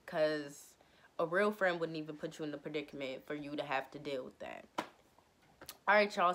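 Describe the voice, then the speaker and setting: A young woman vlogger telling a storytime in a casual, slangy, animated way. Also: low-pitched. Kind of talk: storytime vlog.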